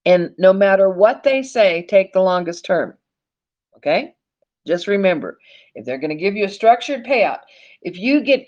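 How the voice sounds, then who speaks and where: A woman presenting an animated teaching monologue, speaking emphatically, calling listeners "folks" and swearing casually. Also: fairly low pitch, lo-fi sound. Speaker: online presenter.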